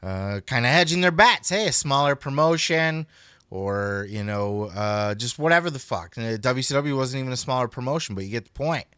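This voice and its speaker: Forceful, foul-mouthed male podcast host. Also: mid-range voice, normal speed, clear, resonant tone, no echo, clean studio sound. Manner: profane, rambling, animated. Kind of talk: casual chat.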